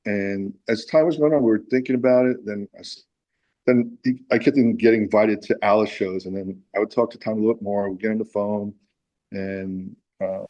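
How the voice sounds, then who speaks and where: A musician guest in a casual interview about his music tells a long, wandering anecdote, restarting often. His voice is fairly low and a little mellow, and the recording quality is poor.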